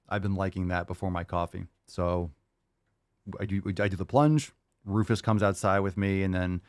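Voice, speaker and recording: A man with a low voice hosts a podcast, answering listener questions in a loose, rambling chat full of jokey asides. The recording is clean studio sound with no echo.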